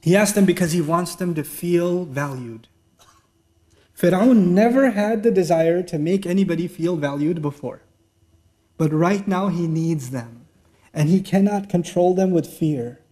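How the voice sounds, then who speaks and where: A man's voice: high-pitched, warm tone. A man giving a sermon lecture, retelling a story animatedly with rhetorical questions. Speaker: Islamic speaker.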